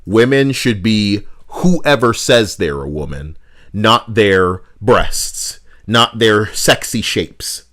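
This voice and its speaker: A man's voice: lowish voice, slow. A man streaming, ranting in a profane, sarcastic way about gaming news, often slipping into mocking voices. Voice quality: animated, swings between mock voices and mutters. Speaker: streamer reacting to posts.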